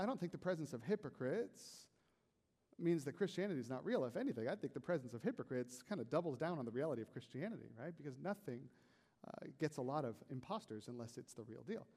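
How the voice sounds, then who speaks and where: A man preaching a sermon as a pastor, in a conversational, animated way with frequent "right?" asides. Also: fairly high pitch, vocal fry, big-room sound.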